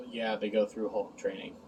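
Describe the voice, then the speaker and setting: A man's voice: medium pitch, a little mellow, far from the mic, slight background noise, rough recording. A man recapping an episode in a casual review, sarcastic and exasperated, sighing and mocking the lines he quotes.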